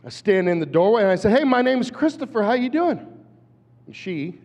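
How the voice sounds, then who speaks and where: A man in his fifties, an animated storyteller who acts out voices, giving a talk at a conference. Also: high voice, brisk. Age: 50s. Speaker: conference speaker. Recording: dull hall recording with long reverb.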